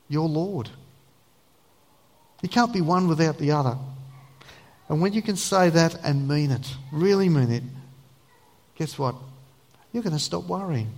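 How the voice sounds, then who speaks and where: A man preaching a sermon in an earnest, emphatic way, then praying softly. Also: fairly high pitch, big-room sound. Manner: earnest, emphatic preaching, dropping to a soft prayer voice. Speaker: pastor.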